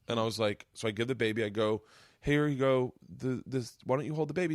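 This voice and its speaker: A man in his forties hosting a podcast, telling a long story with lively acted-out quotes. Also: medium pitch, fast talker, no echo, studio quality. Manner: animated storyteller, acts out quotes, gets choked up. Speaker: podcast host. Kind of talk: casual storytelling chat.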